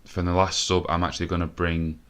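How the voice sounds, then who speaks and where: Man, deep voice, game commentary, frustrated, cursing, thinking aloud. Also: level tone, a little fast, a bit bright, clean tone. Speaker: gaming video host. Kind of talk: let's play commentary.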